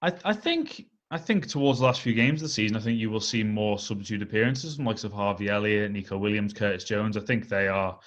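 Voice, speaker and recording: Measured man talking football. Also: lowish voice, fairly bright tone, muffled recording. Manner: measured, analytical, leans on "I think" and "um". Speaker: podcast co-host. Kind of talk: casual football chat.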